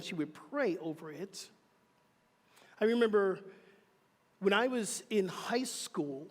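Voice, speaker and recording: A man giving a sermon as reverend, telling animated personal stories with chatty asides to the congregation. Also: high-pitched. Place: church hall. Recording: reverberant hall.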